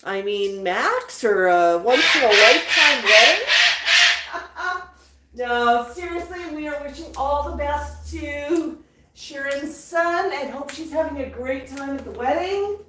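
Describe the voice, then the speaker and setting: A woman hosting a casual livestream, cooing and chatting gently to her pet parrots in between reading viewer comments. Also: high voice, expressive, measured pace, far from the mic. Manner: coos and talks gently to her birds. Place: indoor room with pet parrots. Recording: very echoey room, voice away from mic, faint noise.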